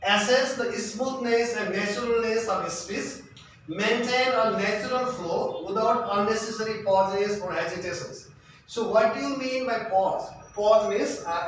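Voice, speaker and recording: A high-pitched man explains exam tips, repeating himself and checking in with "okay?". His voice sits well back from the mic in a strongly echoing room, with a faint hiss underneath. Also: fairly bright tone. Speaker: English test tutor. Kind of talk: spoken exam-prep lesson. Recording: echoey room, mic at a distance.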